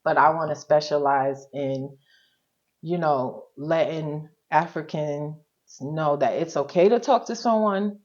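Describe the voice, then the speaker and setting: A woman with a deep, low voice tells her own story as an interview guest, candid and colloquial. She often acts out what she used to say. The recording sounds slightly dull and lo-fi. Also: unhurried. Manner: colloquial and frank, quotes her own past words. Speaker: interview guest, social worker.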